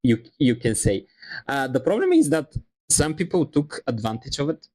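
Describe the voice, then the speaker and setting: A man streaming and chatting casually, teasing his friends in a halting way. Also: medium pitch, very animated, a little mellow. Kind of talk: casual chat on a live stream.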